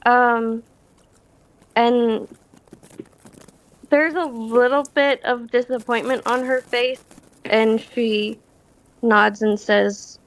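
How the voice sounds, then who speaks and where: A woman player in a tabletop game, describing her character's actions in a slow, hesitant, soft-spoken way over a video call. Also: fairly high pitch, steady tone, low-quality recording.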